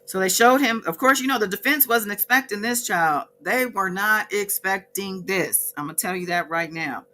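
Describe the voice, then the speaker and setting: A woman's voice: medium pitch, brisk, bright, forceful tone, soft background music. A woman vlogger casually recapping a court day from her notes, with chatty asides and frequent self-corrections.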